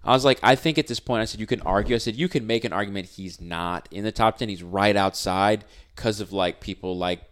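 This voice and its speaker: A man's voice: fairly low pitch, fairly quick, few pauses. A man telling stories in a casual sports chat, acting out what others said. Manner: animated storyteller, acts out quotes.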